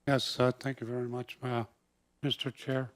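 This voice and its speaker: A man town councillor speaking in a council meeting, deliberate and disappointed, in short phrases. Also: mid-range voice, flat delivery.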